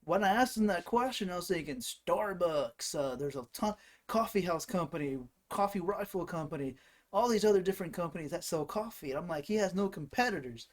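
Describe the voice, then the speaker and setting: A man's voice: sits high, animated, brisk. A man hosting his own channel, telling rambling comic stories in a casual way, laughing at his own jokes. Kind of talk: casual comedic storytelling.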